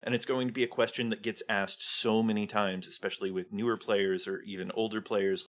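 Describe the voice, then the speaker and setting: Guy with a lowish voice explaining game stuff, says like a lot, thoughtful. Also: steady tone, a little fast, fairly bright tone. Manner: thoughtful, explanatory, many "like" fillers. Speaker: podcast guest, game developer. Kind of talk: casual chat about tabletop games.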